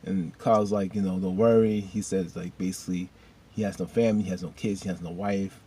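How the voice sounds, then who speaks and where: A man casually recapping a TV episode, rambling and animated with loose slang. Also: sits low, a little fast, slight background noise. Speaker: video host recapping a TV episode.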